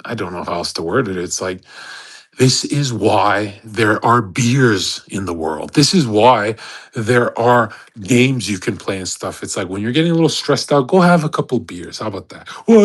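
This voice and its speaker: Profane, emphatic man ranting casually. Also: medium pitch. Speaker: host of a live audio chat room.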